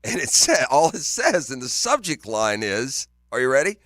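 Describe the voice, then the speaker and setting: A man co-hosts a morning sports radio show from a radio studio, his medium-pitched, fairly bright voice swinging widely in pitch at normal speed. He chats casually, teases and laughs often, and the studio-microphone recording is studio quality with no room sound.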